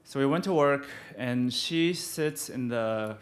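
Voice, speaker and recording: A man telling a personal story live, halting and restarting often, with frequent laughter in his voice. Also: medium pitch.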